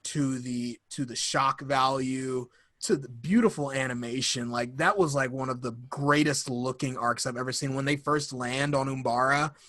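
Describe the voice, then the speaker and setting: A man's voice: medium pitch, fairly even intonation, normal speed, a bit bright, no room sound. A young man co-hosting a podcast, chatting casually and enthusiastically, rambling and acting out quotes. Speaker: podcast co-host. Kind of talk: casual fan chat.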